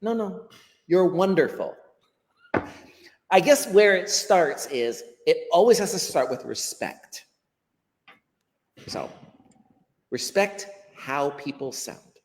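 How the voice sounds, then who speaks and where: Animated American man explaining, reverberant sound. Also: fairly high pitch, slow, long pauses. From United States. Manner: animated teacherly explaining, acts out quotes. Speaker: ESL educator, guest. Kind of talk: explanatory interview talk.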